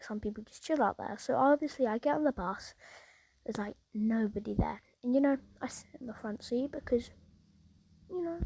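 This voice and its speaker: A woman's voice: a little high, creaky, a little mellow, husky, no room sound, rough recording. A woman casually telling a rambling story, peppered with "like" and "obviously".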